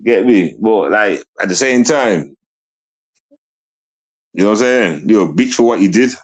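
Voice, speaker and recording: A man's voice: lowish voice, expressive, measured pace, breathy edge. A young man ranting on a casual livestream, mocking and repetitive as he talks to his chat.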